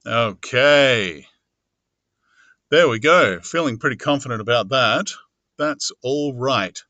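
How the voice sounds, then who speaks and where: A man's voice: mid-range voice, expressive, slow, bright, forceful tone, dry recording, highs cut off. A man narrating audiobooks who talks casually and mutters to himself while he edits his recordings.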